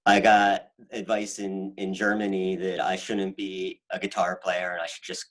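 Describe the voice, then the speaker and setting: Band member, male, fairly low voice, loose rambling storyteller who laughs a lot. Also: completely flat delivery, moderate pace, fairly bright tone, rough recording. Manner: rambling, laughs often, restarts. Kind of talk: casual chat.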